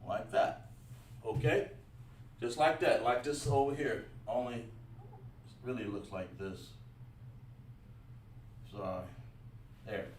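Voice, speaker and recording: A man teaching a livestreamed lesson, talking while he writes on a board, with many fillers and restarts. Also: medium pitch. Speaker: Hebrew teacher. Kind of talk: livestream class. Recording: roomy echo, mic at a distance.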